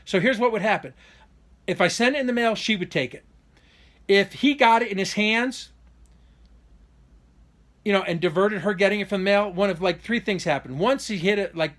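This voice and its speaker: This man has a high, slightly bright voice. As a vlogger, he gives a personal update face-to-camera in a loose, unscripted monologue with many restarts. He comes across as aggrieved and indignant, rushing in bursts when stressing key points.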